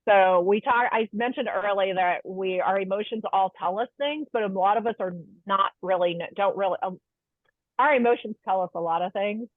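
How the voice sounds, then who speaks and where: A woman's voice: medium pitch, normal speed, no room sound. Woman presenting a webinar over a tinny line. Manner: warm explanatory, asks the audience questions. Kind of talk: webinar lecture. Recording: tinny phone-like line, dry.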